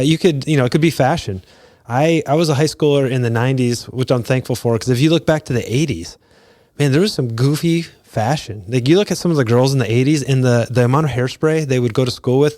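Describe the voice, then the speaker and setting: A man in his forties hosting a podcast, talking casually and retelling scenes in bursts of higher pitch. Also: a little mellow, no room sound, studio quality. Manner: conversational, retells scenes with quick pitch jumps. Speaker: podcast host. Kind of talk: casual solo talk.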